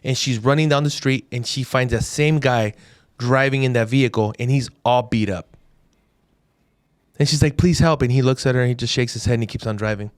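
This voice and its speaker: A man's voice: mid-range voice, brisk, no room sound, studio quality. Chatty man retelling a film scene. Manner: animated retelling, quoting others. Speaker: podcast co-host. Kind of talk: casual podcast chat.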